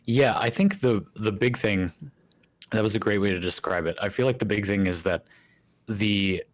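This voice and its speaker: A man's voice: lowish voice, normal speed, no room sound. A man hosting a casual podcast chat, joking and teasing, reading chat questions in a dramatic mock voice. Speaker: podcast host.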